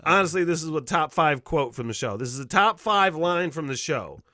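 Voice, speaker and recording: A man's voice: a little high, expressive, a little fast, pushed and bright, no echo, studio quality. A man hosting a radio show, chatting casually and rambling with lots of fillers. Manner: rambling, laughs easily, many "uh" fillers.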